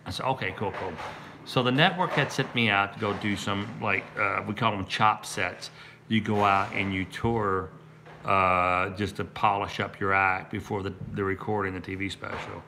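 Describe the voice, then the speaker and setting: A man's voice: fairly low pitch, steady tone, moderate pace, sharp tone, slight background noise. A middle-aged man from Kentucky, a comedian chatting casually on a livestream, rambling through a story with restarts and asides to viewers. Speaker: comedian and prank video host.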